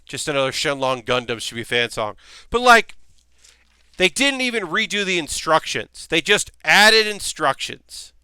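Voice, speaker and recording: A man streaming a model kit build rambles to his viewers in an irritated, chatty way, full of fillers and restarts. His voice is bright and clear, a touch high, and the close mic keeps it dry with no room sound. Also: very animated, normal speed, hardly any pauses, dry recording. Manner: ranting, annoyed, rambling with many fillers. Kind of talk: casual live-stream chat.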